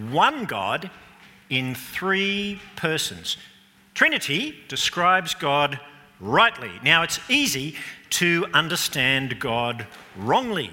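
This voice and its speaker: Man, children's talk, playful, chatty, bright voice, echoey church hall. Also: fairly high pitch. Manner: animated, chatty, jokey, asks the audience questions.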